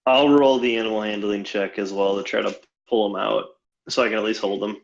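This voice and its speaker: A man's voice: on the low side, fairly even intonation, a little fast, gravelly. A man speaking as a player in a tabletop game, practical and planning ahead. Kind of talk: casual tabletop game talk. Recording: dull lo-fi mic.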